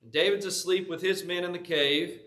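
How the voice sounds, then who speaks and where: A man's voice: sits high, fairly even intonation, moderate pace, bright, forceful tone. A man preaching a sermon in a church, retelling a story in a conversational way.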